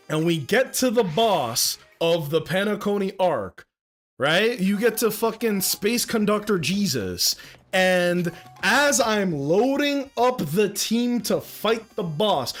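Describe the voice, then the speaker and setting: A man's voice: sits high, fairly bright tone. A young adult man streaming live, ranting with heavy profanity. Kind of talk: casual livestream rant.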